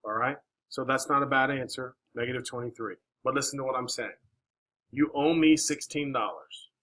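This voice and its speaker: In a classroom, a man teaches math, drawing students out with questions and encouragement and saying "all right" many times. His mid-range voice moves at a normal speed and sounds a bit bright, though the recording is rough.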